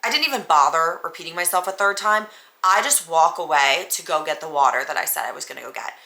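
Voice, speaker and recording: A woman podcast host telling a personal story in a casual, animated way, full of "like" and "um". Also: sits low, fast, vocal fry. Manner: animated, frequent "like" and "um" fillers. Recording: echoey room.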